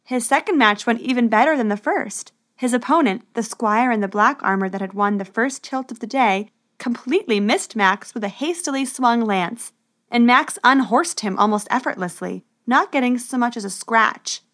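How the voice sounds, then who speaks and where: Narrating a storybook adventure, a woman keeps the tale moving evenly with a steady, expressive delivery at normal speed. Her voice sits a touch high for a woman.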